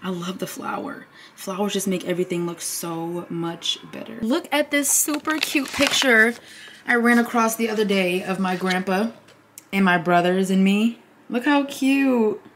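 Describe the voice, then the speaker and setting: Bright-voiced chatty young woman vlogger. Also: mid-range voice, unhurried, slight background noise. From Michigan, USA. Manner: rambling, chatty storytelling, slips into Southern-style slang. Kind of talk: casual chat.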